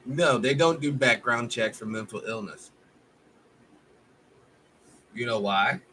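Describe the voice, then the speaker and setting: Man, live-stream host, bright edgy tone, heated preacher-style rant, cursing, faint background hiss. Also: medium pitch, slow. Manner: fiery, profane, preacher-like exhortation. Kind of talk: impassioned live-stream monologue.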